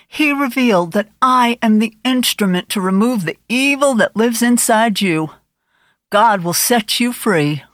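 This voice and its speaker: A fervent, zealous aunt speaking in a solemn preaching tone, voiced by a woman reading an audiobook. The voice sits a little higher than the narration and sounds oddly altered. The recording is dry and close. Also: animated, unhurried, a bit bright, dry recording. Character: zealous aunt claiming divine visions.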